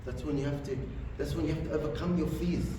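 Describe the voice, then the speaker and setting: A preacher with a slightly high, warm voice delivers an earnest sermon in a mosque hall, speaking quickly with fairly even intonation and often repeating phrases for emphasis. The recording is echoey, with a distant mic and faint noise.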